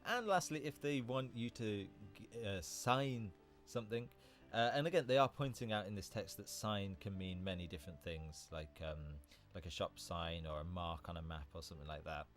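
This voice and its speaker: Chatty low-voiced man explaining words. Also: normal speed, faint music behind. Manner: chatty, self-correcting, laughs at himself. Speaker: livestream host teaching English vocabulary. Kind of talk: casual livestream explanation.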